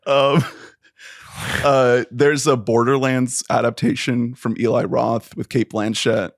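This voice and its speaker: A man's voice: mid-range voice, level tone, takes it slowly, no echo. Laughing man on a dry, close mic. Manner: laughing, hesitant with many ums. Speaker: podcast co-host. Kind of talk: casual chat.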